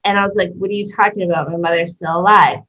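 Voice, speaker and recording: A woman from Canada, a guest in a casual interview, telling a story in an animated way, acting out voices and swearing freely. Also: fairly low pitch, racing. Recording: dull lo-fi sound.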